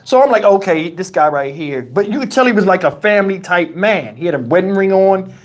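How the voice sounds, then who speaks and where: A man's voice: sits high, lively intonation, fast talker. A man hosting a livestream, telling a story in a casual, profane and colloquial way on a lapel mic. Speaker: channel host. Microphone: wireless lapel mic.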